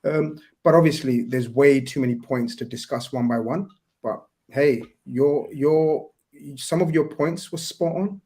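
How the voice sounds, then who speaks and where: Polite guy hosting a call-in show, calm and formal, video call. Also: medium pitch. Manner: polite, measured, formal courtesy.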